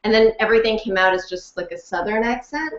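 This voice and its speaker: A woman talking casually in an interview, chatty and animated, laughing often and full of fillers. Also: fairly high pitch, fast talker. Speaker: interview guest, audiobook narrator and actress. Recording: roomy, dull lo-fi sound.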